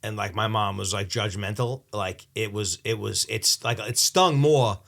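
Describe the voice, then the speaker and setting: A man in his thirties co-hosting a podcast, talking in a halting, reflective way with many restarts. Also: lowish voice, vocal fry, a bit bright. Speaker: podcast co-host. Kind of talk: casual chat.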